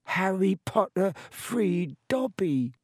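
A man voicing a small, excitable, devoted male house-elf with a shrill manner, in an audiobook reading. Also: takes it slowly, dry recording, clean studio sound, full character voice. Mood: earnest. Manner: shrill and fierce. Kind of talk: audiobook character voice.

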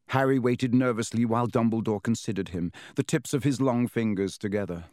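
A man narrating an audiobook with steady, expressive storytelling. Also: medium pitch, fairly quick, few pauses, dry recording, studio quality. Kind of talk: scripted narration.

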